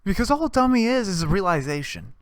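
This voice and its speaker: A man vlogging in a casual, rambling monologue that repeats itself, swears, and swings from hushed to loud. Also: sits high, sing-song, quick pace, smooth, no room sound, studio quality.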